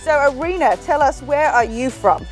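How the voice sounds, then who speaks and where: A woman's voice: high voice, animated, moderate pace, over music. A woman with an English accent leading a group workout, upbeat and laughing often as she counts down reps and chats with her trainers. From England. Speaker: fitness instructor. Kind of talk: leading a workout, chatty cues.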